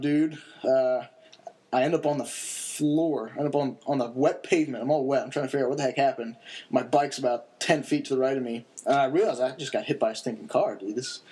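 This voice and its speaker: Young man, casual podcast storyteller, relaxed, rambling, lots of ums, mid-pitched voice. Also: breathy edge. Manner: laid-back, rambling with many fillers and chuckles.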